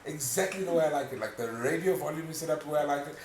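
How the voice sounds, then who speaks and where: A man's voice: a little high, racing. A man co-hosting a casual podcast, telling stories with acted-out quotes and some swearing. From South Africa. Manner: animated storyteller, acts out quotes, swears. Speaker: podcast co-host. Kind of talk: casual chat. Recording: echoey room, mic at a distance, noisy.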